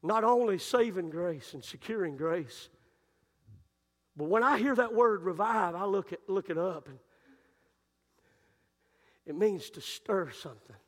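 High, bright-voiced preacher in a hall. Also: male voice, expressive, unhurried, long pauses. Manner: storytelling, building to shouted climaxes. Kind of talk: sermon. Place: church sanctuary. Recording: long reverb of a church hall.

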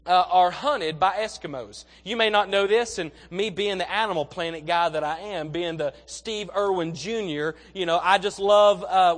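Folksy high-voiced young preacher in reverb. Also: male voice, a bit bright. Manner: conversational, repeats words, folksy storytelling. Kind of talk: sermon. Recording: long reverb of a large hall.

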